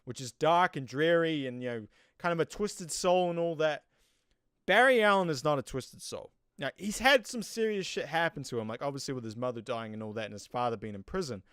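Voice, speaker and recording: A man's voice: fairly high pitch, clear, resonant tone, no echo. Kiwi guy rambling through a show review, lots of "you know", clean voice, dry sound. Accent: New Zealand. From New Zealand. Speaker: TV episode reviewer. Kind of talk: casual spoken review.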